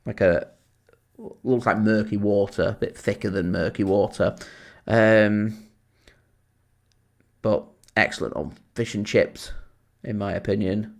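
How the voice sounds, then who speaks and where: A man's voice: on the low side, unhurried, gravelly, pauses often. A man with a Lancashire accent hosting a live football watchalong, chatting at length and answering viewer comments. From Lancashire, England. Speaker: fan channel host.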